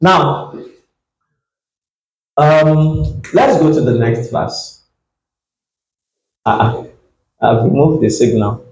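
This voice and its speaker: A pastor preaching a sermon, reading scripture slowly and acting out the dialogue with energy. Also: male voice, mid-range voice, animated, roomy sound, slight background noise, rough recording. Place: church.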